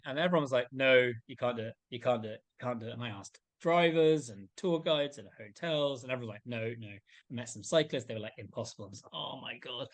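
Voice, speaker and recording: A man being interviewed, telling his adventure stories in a casual, animated way and acting out the voices of people he met. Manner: animated, acts out quoted voices with big pitch jumps. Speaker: interview guest, endurance adventurer.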